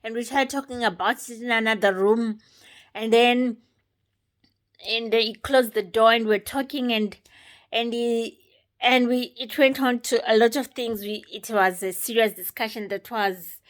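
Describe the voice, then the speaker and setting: A woman giving an unscripted personal testimony, retelling events step by step in a halting way. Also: on the high side, fairly even intonation. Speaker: testimony speaker.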